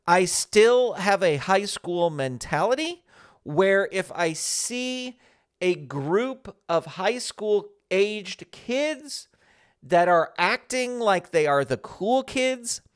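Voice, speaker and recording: With a high, clear, resonant voice, this man in his fifties hosts a podcast and spins a casual, self-deprecating story. He's chatty throughout and livens up when quoting others.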